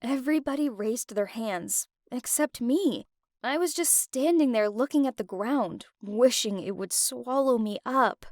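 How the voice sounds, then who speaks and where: A young woman tells her own story in the first person, emotional and confiding. Her voice is high and bright in pitch, and the recording is dry and close, with no room sound. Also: expressive, a little slow, dry recording. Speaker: narrator.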